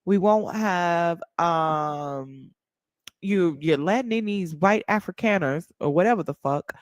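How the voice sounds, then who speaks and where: A woman hosting a casual chat, animated and emphatic, swearing freely. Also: fairly low pitch, slow, no room sound. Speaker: host.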